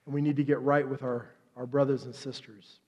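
A pastor preaching a sermon in church, retelling the story with lively asides and briefly acting out each character in quick voices. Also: male voice, mid-range voice, long reverb tail. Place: church sanctuary.

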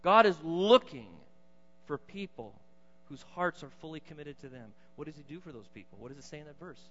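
A man preaching a sermon, swinging between loud emphatic bursts and quiet low asides. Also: expressive, fast talker, a little hiss or hum. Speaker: pastor. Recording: dull lo-fi sound in a reverberant hall.

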